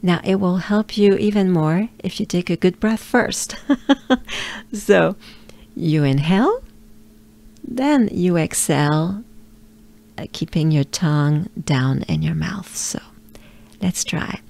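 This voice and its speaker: A woman's voice: on the low side, lively intonation, takes it slowly, gravelly, long pauses, a little mellow. A French woman teaching pronunciation, repeating sounds patiently and encouraging the listener, with light laughs. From France. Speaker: pronunciation coach. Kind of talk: slow, patient pronunciation lesson.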